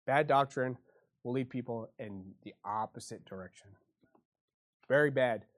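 A man preaching a sermon, swinging from quiet folksy asides to loud impassioned passages and acting out quoted voices. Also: medium pitch, a little slow. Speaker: pastor.

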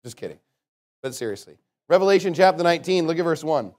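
A man preaches a sermon in a conversational, sarcastic style, dropping joking asides and reading scripture loudly. His pitch is fairly high, his delivery expressive, and his pace quick.

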